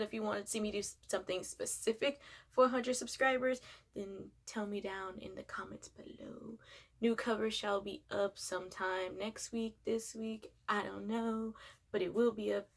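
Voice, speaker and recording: A young woman telling a long, rambling storytime for her vlog, full of fillers and casual swearing. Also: medium pitch. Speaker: vlogger. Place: home, sitting down.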